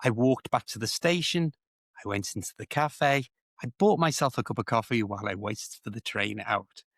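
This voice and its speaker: A man with a Liverpool accent, an English teacher and co-host, tells stories in casual conversation, often making fun of himself. His voice is medium-pitched and a bit bright. The sound is clean studio quality with no echo.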